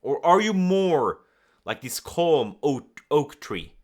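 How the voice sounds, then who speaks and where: This communication coach has a slightly high voice and talks slowly. He offers animated advice directly to camera and plays out nervous versus calm examples.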